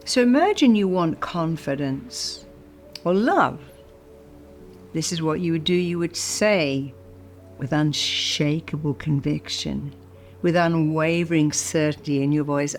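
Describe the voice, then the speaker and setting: Deep-voiced woman doing a motivational talk, leans hard on phrases, soft music underneath. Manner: emphatic, slows to stress key phrases and repeats them. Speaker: hypnotherapist and speaker. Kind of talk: motivational talk with guided affirmation exercise.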